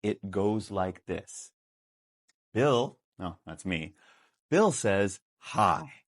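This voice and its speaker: Slow, animated male English teacher. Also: deep voice. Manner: slow, emphatic explaining with acted example lines. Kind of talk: classroom video lesson. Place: classroom with a board.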